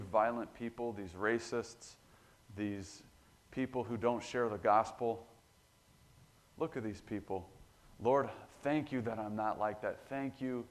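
A man's voice: fairly low pitch, lightly acted. A man voicing a self-righteous male Pharisee who boasts in prayer and lists other people's sins with contempt.

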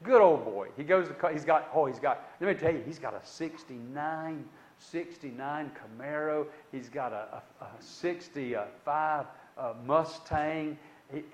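In a medium-pitched voice, a man relates his personal testimony as if chatting, with dramatic shifts between booming and hushed tones and frequent asides to whoever's listening.

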